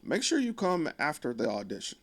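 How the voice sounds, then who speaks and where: A man voicing a calm young male crew leader, speaking in firm, laid-back street talk. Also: on the high side, brisk, pitched above the performer's own voice, full character voice.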